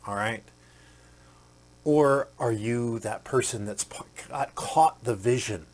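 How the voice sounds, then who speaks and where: A man's voice: on the low side, fairly even intonation, a little slow. A man hosting a podcast, telling a motivational story in a conversational way with many fillers and acting out the quoted characters. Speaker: podcast host.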